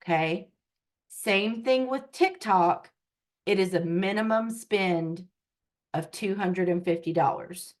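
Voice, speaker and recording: A woman tech coach running a live online class over a video call speaks with a mid-range voice. Her pace is unhurried, and she makes frequent check-ins with her audience.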